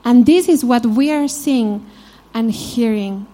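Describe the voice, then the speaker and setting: A woman's voice: a little high, slow pace, dark tone. A woman from Spain with a Spanish accent, teaching a conversational sermon in an informal, storytelling manner. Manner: informal, frequent "you know", storytelling asides. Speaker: Bible teacher.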